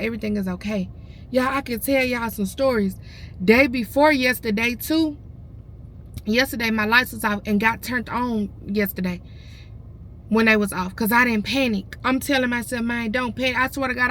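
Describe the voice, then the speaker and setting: A woman's voice: a little high, fairly bright tone, slight background noise. A woman, close to tears, telling her viewers a story in a casual, emotional vlog. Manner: tearful, addresses viewers as y'all. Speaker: vlogger.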